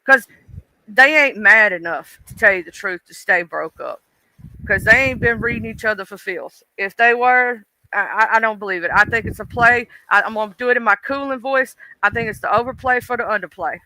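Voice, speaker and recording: A man hosting a livestream, chatting and gossiping in a dishy, animated way. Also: sits high, normal speed, no room sound, poor audio. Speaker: livestream host. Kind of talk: casual livestream gossip chat.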